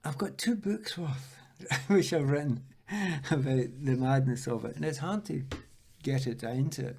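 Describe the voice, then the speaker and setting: A Scottish man in his sixties, a former footballer, telling lively anecdotes in an interview and acting out the voices of the people he quotes. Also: mid-range voice, unhurried, gravelly. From Scotland.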